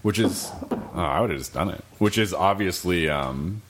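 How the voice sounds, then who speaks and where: A man's voice: normal speed, fairly bright tone, slight background noise. A man co-hosting a podcast, chatting casually about video games and telling loose stories with casual swearing. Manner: loose storytelling, jumps into high-pitched voices for game characters. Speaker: podcast co-host.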